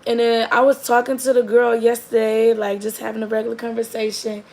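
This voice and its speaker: A young woman telling a funny story in a chatty, animated way with quick asides. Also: a little high, rough recording. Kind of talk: casual comedic storytelling.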